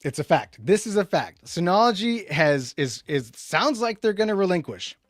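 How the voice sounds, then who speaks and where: A man hosting a casual tech livestream. He rambles and restarts a lot, jumping between loud emphatic bursts and low muttered asides. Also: big pitch swings, moderate pace, dry recording, clean studio sound. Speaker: livestream host.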